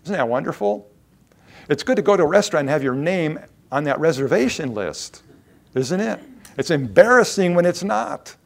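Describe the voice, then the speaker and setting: A male pastor delivering a sermon in a lively, sing-song pitch, with a rough gravelly texture in his voice. He talks conversationally, repeating himself and restarting phrases. He jumps from loud, emphatic lines to hushed ones. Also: moderate pace. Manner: emphatic, with sudden rises and drops in loudness.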